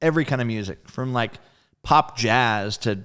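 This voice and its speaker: Speaking at a normal speed with a clean, medium-pitched tone, this man is a guest drummer spinning a story in a relaxed interview. His delivery is animated, profane and loose, and he performs the voices of friends whenever he quotes them.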